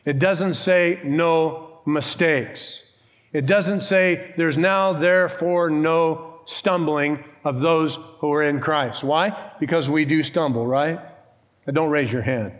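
A man's voice: fairly high pitch, takes it slowly. A man who is a pastor, preaching a sermon in a church with an emphatic, conversational style, rhetorical questions and bits of humor.

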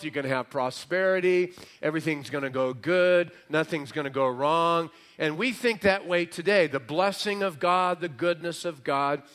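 Slow, emphatic preaching man. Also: sits high. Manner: slow, emphatic preaching, drops to a quieter conversational aside. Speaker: pastor. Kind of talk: sermon.

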